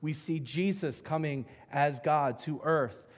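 A middle-aged man preaching a sermon, telling a personal story with animated emphasis and swinging between loud and hushed delivery. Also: a little high, slow pace. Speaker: pastor. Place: church sanctuary. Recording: reverberant church hall.

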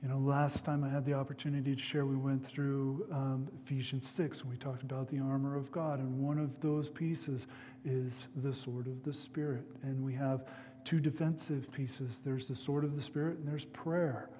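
Guy preaching in a church, dark mellow voice, big hall echo, faint hum behind. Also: medium pitch, flat delivery, moderate pace. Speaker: pastor. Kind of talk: sermon.

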